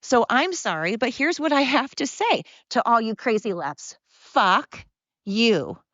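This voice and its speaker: A woman's voice: on the high side, sing-song, normal speed, a bit bright, no room sound. A woman hosting her own show, delivering an angry, sarcastic solo rant with lots of emphatic repetition. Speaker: podcast host. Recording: dull lo-fi sound.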